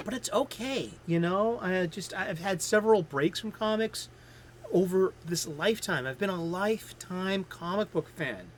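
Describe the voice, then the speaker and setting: Fifty-something guy rambling about his comics pile, lots of restarts, slightly high voice. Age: 50s. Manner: rambling, frequent restarts, chatty. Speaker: host. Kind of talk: casual comic book review stream.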